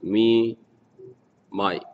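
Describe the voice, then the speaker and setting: A man reading scripture aloud, slowly chanting Sanskrit verses again and again, then giving word meanings and a translation. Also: on the low side, fairly even intonation, slight background noise. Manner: slow, measured recitation, verses repeated several times. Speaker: scripture reader and speaker. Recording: dull lo-fi sound with long hall reverb.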